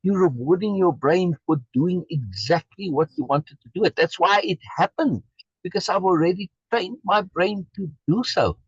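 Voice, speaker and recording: A man's voice: sits high, normal speed, slightly rough, no room sound. A man leading a program, reading a text aloud and commenting on it emphatically, repeating key phrases, over a video call. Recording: dull lo-fi video call audio.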